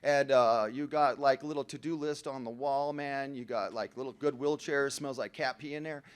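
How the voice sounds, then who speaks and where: A man telling a joke-filled story to a recovery meeting audience in a large hall, full of slang like "bro" and "man", dropping to a hush and then rising to loud shouting. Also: mid-range voice, fairly even intonation, normal speed, smooth. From Southern California. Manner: slangy, joking, calls the crowd "bro" and "man". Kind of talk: storytelling talk to a live audience.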